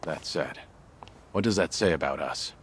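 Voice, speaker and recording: A man voicing a serious, steady lead character in a crime video game, with music behind. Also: a bass voice, normal speed, breathy edge.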